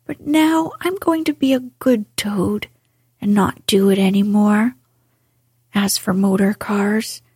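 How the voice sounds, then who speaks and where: A woman voicing a boastful but repentant male toad in a soft, breathy whisper. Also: mid-range voice, dry recording, clean studio sound.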